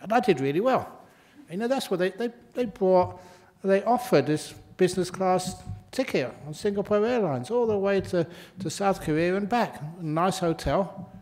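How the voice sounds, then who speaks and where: Chatty monk with a raised voice. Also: male voice, sits high, expressive, moderate pace, a little mellow. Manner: chatty, laughs at his own stories. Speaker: Buddhist monk teacher. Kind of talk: humorous dharma talk.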